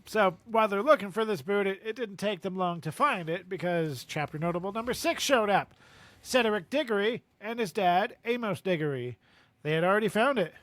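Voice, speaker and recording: A man's voice: sits high, fairly bright tone, no echo. A man from Canada hosting a casual book podcast, playful and a bit silly, a dad who clowns around with his co-host.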